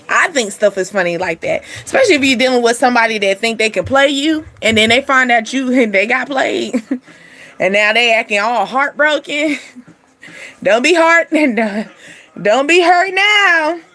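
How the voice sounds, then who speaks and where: A young adult woman hosting a casual spiritual card reading, chatty and animated, laughing often and using slang. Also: fairly high pitch. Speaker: spiritual reading channel host.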